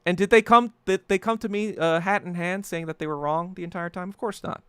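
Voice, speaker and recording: A man's voice: high-pitched, brisk, sharp tone, clean tone, dry recording. A man hosting a solo podcast, ranting heatedly and profanely, often stumbling and repeating words as he gets worked up. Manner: repeats and restarts words when agitated. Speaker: podcast host.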